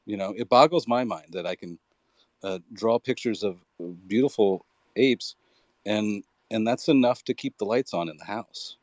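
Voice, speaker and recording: A man with a low voice speaks candidly and reflectively in a casual online audio chat. He uses loose fillers. His voice sounds dry, with no room echo. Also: normal speed.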